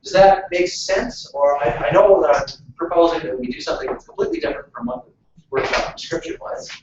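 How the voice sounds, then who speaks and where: A man with a fairly high, very animated voice runs a workshop in a meeting room, talking quickly and casually with lots of fillers and restarts. The recording is muffled and noisy, picked up from far off in an echoey room.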